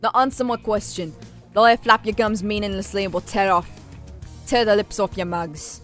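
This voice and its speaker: A brash, swaggering pirate from a video game hurls loud threats in mock old-timey slang, as a woman streamer puts him on. The voice sits a little high and swings widely in pitch as it blusters. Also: expressive, moderate pace, faint music behind. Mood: blustering threat.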